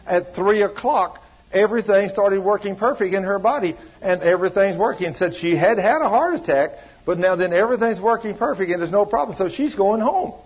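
A storytelling preacher, a man with a rather high, husky voice, who slips into the voices of the people in his tales. The recording sounds dull and lo-fi. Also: fairly quick. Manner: storytelling preacher acting out dialogue in a folksy drawl. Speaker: pastor. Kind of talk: sermon.

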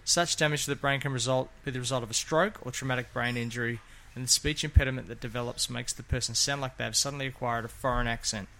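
A man co-hosts a relaxed chat, talking in a jokey, rambling way. His voice is gravelly with a bright, forward edge. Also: mid-range voice, fast, hardly any pauses. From Australia. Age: 50s. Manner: jokey, rambling, laughs often. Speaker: podcast co-host. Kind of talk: casual chat.

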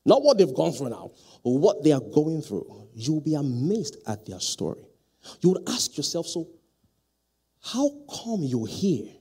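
Animated husky male pastor preaching. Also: a little high, unhurried. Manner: lively call-and-response preaching, rising to loud emphatic peaks. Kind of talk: sermon. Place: church hall.

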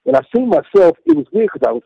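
Man, middle-aged, interview guest, faith testimony, earnest repetitive storytelling, animated swings, gravelly, dull lo-fi sound. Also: high voice, quick pace, slight background noise. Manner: earnest, repetitive storytelling with acted-out self-quotes.

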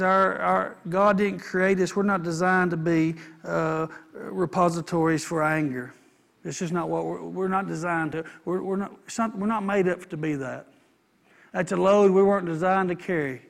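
A man's voice: sits high, vocal fry, fairly bright tone. A man preaching a sermon, folksy, repeating lines and calling for amens. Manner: folksy, repeats himself, asks the congregation for amens. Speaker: pastor.

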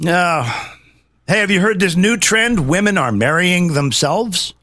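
A man's voice: high voice, measured pace, no echo, clean studio sound. A man hosting a political talk show, ranting emphatically and mockingly in casual chat. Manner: animated, mocking, emphatic rants. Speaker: host.

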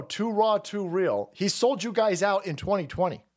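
A man rants on his livestream in a high, restless voice that leaps up and down as he gets worked up. He is crude and mocking and swears constantly. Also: expressive, normal speed. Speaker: livestream host. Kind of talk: profane political rant on a livestream.

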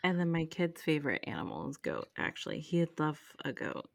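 A woman in her thirties, co-hosting a podcast, chatting in a relaxed, casual way. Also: low voice, a little fast, creaky, no room sound. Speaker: podcast co-host. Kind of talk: casual chat.

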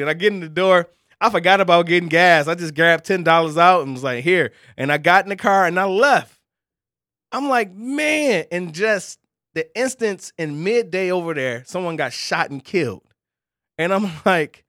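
A man with a high voice and tells a faith story in casual podcast chat, acting out voices along the way. The recording is dry and close, with no room sound. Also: normal speed, dry recording. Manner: animated storyteller, acts out voices, laughs often.

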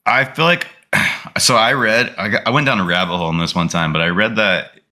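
Casting: deep-voiced male co-host with a bright, forceful tone, rambling banter. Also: fairly quick. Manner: rambling, full of fillers and restarts. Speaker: podcast co-host. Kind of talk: casual chat.

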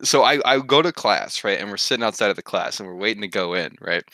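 A man's voice: lowish voice, fast, no room sound. A young man co-hosting a podcast, chatting casually and telling stories with lots of laughter. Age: young adult. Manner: animated storyteller, laughs often. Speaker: podcast co-host. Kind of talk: casual chat.

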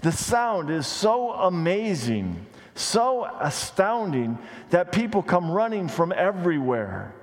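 A man preaching a sermon as a pastor, animated, with wide pitch swings, rising on questions and dropping low for emphasis, with conversational asides and light humor. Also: slow, hardly any pauses. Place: church sanctuary. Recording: long reverb of a large hall.

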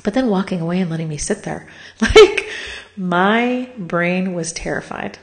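A woman's voice: fairly low pitch, measured pace. A middle-aged woman telling a personal story in a raw confessional monologue, candid and swearing freely, worn out from crying, at times dropping to a whisper. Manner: candid, swears freely, laughs through pain. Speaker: vlogger sharing a personal story.

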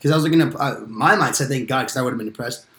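A man's voice: mid-range voice, racing, fairly bright tone, roomy sound. A young man in his twenties chatting casually with friends on a podcast, laid-back and slangy, rambling as he talks. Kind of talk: casual chat among friends.

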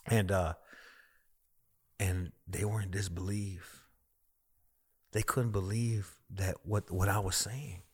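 A man's voice: low-pitched, fairly even intonation, slow pace, pauses often, a little mellow, breathy edge. A man, a minister, telling his personal testimony as a guest in a conversation, emphatic and repetitive as he tells the story.

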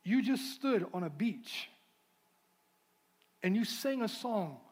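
High-voiced impassioned man preaching. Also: very animated, takes it slowly, slightly rough. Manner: impassioned preaching, shifting to soft prayerful tones. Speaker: pastor. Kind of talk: sermon. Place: church sanctuary.

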